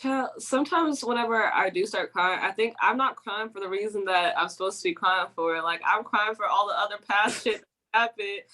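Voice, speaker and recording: A woman's voice: medium pitch, a little fast, hardly any pauses, sharp tone. A woman co-hosting a casual podcast chat, blunt and casually swearing. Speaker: podcast co-host.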